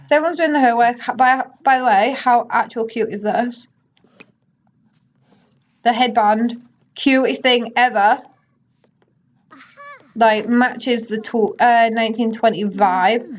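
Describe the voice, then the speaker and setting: A woman's voice: a little high, fairly even intonation, a little slow, long pauses. A woman giving casual, chatty commentary while playing a life-simulation game and bossing her characters around. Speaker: gaming YouTuber. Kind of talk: casual let's play commentary. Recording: slightly muffled audio.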